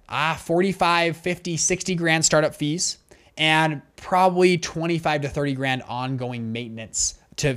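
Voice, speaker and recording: A man with a somewhat high voice teaches investing at a whiteboard. He talks in a brisk, conversational way and often restarts his sentences as he explains. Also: a bit bright. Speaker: fund manager teaching investors. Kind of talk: whiteboard lesson.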